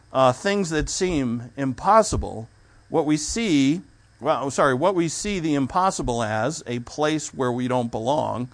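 Male preacher, mid-pitch, talks easily and restarts his sentences. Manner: conversational preaching with restarts and asides. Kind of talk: sermon.

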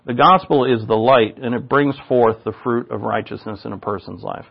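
A man's voice: mid-range voice, normal speed, vocal fry, slightly rough. An older man, a pastor, preaching a loose, conversational sermon full of asides and restarts. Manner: casual, rambling, with asides and restarts. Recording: dull lo-fi recording.

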